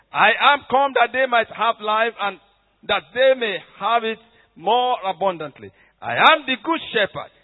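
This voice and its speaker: A man preaching a sermon with fervent intensity, swinging between loud emphatic bursts and hushed prayer in a church hall. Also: high-pitched. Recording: tinny phone-like sound with long hall reverb.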